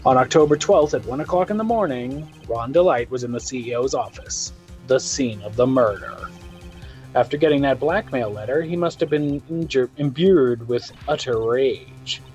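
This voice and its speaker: A woman's voice: very deep voice, moderate pace, darkish tone, highs cut off, faint music behind. Woman doing a smug, teasing man. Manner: mocking, theatrical, says amigo. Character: boastful man with fake Spanish flair, playing detective. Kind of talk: dubbing game dialogue on a stream.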